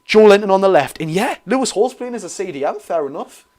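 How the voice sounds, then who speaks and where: A young Geordie man hosts a live football watch-along, flicking between excitable calls of the action and friendly chat with his viewers. His voice sits a touch higher than most men's, and he reads out comments as they come in. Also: fast talker. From North East England. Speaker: football fan streamer.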